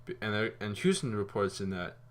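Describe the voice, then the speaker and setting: Brief: male vlogger reviewing a film, low voice, loose and chatty, swears casually. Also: a little fast. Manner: rambling and animated, with fillers and casual swearing. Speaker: movie reviewer.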